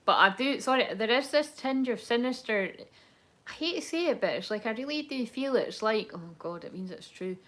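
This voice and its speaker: A woman's voice: a little high, expressive, fairly quick, a bit bright. Candid, rambling woman reading tarot. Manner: rambling, candid, swears and laughs often. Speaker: tarot card reader. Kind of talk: casual spoken tarot reading.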